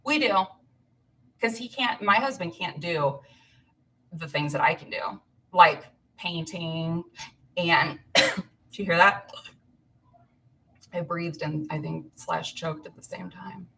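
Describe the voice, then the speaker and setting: A woman's voice: lowish voice, slow, gravelly, long pauses, pushed and bright, slight background noise. A woman in her thirties, from Illinois, filling in as host of a casual live stream, chatting and rambling to viewers with frequent laughs. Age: 30s. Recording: voice a bit far from the mic.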